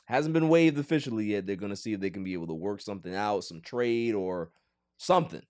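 A man co-hosting a casual sports podcast, joking and pleading in an animated way. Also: fairly low pitch, fast talker. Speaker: podcast co-host.

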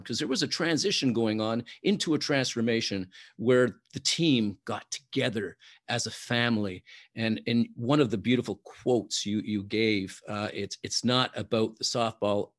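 A man interviewing a guest, framing long questions haltingly with many pauses and fillers. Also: fairly low pitch.

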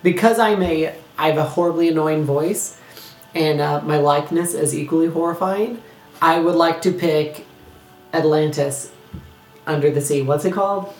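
Podcast co-host: woman, low voice, nasal from a cold, joking, echoey room. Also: moderate pace, a little mellow, faint music behind. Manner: joking, self-mocking. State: has a cold. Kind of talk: casual chat.

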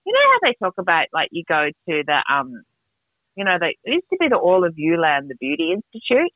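A middle-aged woman, telling stories in a casual podcast chat, animated and quick to laugh. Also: no room sound. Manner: animated, laughing, jumps between pitches. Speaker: podcast co-host. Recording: tinny phone-like dry sound.

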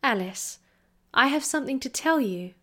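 A woman voicing a gentle, patient grown man in a storybook, speaking softly and plainly. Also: high-pitched, expressive, moderate pace, pitched above the performer's own voice. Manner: soft and gentle. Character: gentle patient adult man, kind listener.

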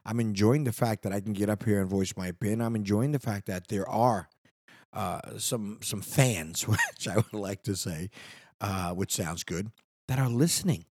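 Rambling earnest man, husky low voice. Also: moderate pace, a little mellow, no room sound, studio quality. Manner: rambling, earnest, restarts often. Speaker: podcast host. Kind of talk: casual solo podcast monologue. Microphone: studio microphone.

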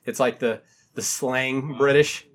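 A man co-hosting a podcast in casual chat, profane and animated, joking around. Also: medium pitch, slow pace. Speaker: podcast co-host.

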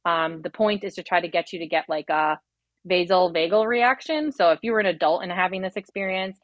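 With highs cut off and no room sound, a lowish-voiced woman in her thirties relates her birth story. Her delivery is rapid and wandering, dotted with fillers and acted-out thoughts, and the whole account is heartfelt and emotional.

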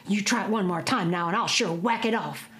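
A woman's voice: medium pitch, brisk, fairly bright tone, natural voice. A woman voicing Jack, a plucky young farmhand hero, with a blunt, threatening drawl.

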